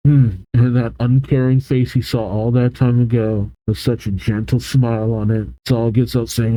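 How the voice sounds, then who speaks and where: A man hosting a manga reaction, reading panels aloud and reacting excitedly and emotionally, laughing often. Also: medium pitch, normal speed, few pauses, no echo, rough recording.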